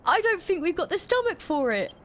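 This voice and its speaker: Scared, whiny villagers begging for mercy, pitched up high, done by a woman. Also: very animated, fairly quick, fairly bright tone, slight background noise, full character voice. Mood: pleading. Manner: pleading, whiny. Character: frightened, pleading adult villagers.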